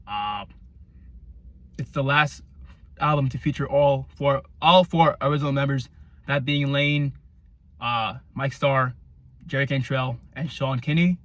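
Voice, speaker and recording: A man giving a casual album review, rambling and excitable, with lots of fillers and the odd swear. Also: mid-range voice, a little slow, long pauses, no echo. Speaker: music reviewer.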